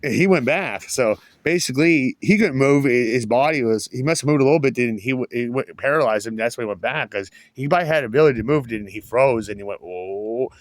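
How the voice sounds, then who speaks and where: A man's voice: mid-range voice, fast, hardly any pauses, dry recording. A man rambling through a casual story, restarting sentences and swearing freely. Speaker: vlogger.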